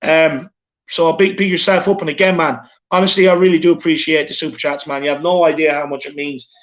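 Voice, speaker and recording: A man's voice: on the high side, fairly even intonation, fairly quick, lo-fi sound. A man with an Irish accent hosting a casual live stream, reading out viewer messages in a chatty, repetitive way, recorded on a phone. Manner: chatty, repeats himself, calls people "my man" and "lad". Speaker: show host reading super chats.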